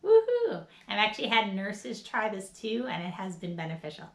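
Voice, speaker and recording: Upbeat, bright-voiced woman coaching a class. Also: medium pitch, a little fast, echoey room. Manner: upbeat, coaching, with bursts of laughter and shouts. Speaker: wellness instructor. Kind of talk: guided laughter and movement class.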